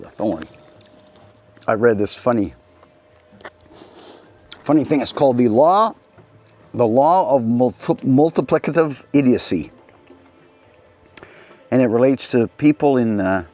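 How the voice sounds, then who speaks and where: A man's voice: mid-range voice, darkish tone. A middle-aged man hosting a casual rambling monologue, telling anecdotes with frequent restarts and asides. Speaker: host.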